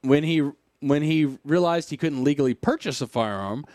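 A man's voice: on the high side, normal speed, a little mellow, dry recording. Dry-voiced man reading news wryly. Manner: sarcastic, wry asides and sighs. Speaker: podcast host reading news. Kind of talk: casual chat, reading an article aloud with comments.

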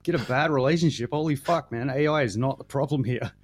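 A man's voice: mid-range voice, brisk. A man co-hosting a podcast in casual chat, blunt and joking, swearing as he talks.

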